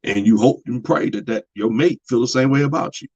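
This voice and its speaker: A man's voice: mid-range voice, a little fast, a little mellow, breathy edge, highs cut off. A man talking in a casual monologue about relationships, plain-spoken and preachy, repeating his points. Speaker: podcast host.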